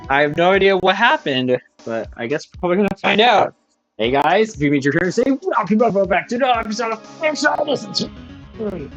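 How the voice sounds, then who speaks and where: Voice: medium pitch, sing-song, brisk, lo-fi sound, soft background music. A YouTube gamer giving loose, self-mocking let's play commentary.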